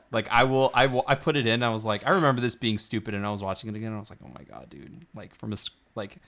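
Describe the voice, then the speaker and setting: A man's voice: on the low side, fairly even intonation, racing, fairly bright tone. A man co-hosting a podcast, chatting enthusiastically with frequent restarts. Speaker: podcast co-host. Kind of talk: casual chat.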